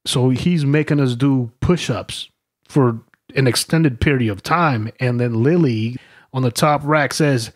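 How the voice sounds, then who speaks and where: A man co-hosting a podcast, telling stories in a casual, profane and animated way. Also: medium pitch, a little slow. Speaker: podcast co-host. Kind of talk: casual storytelling chat.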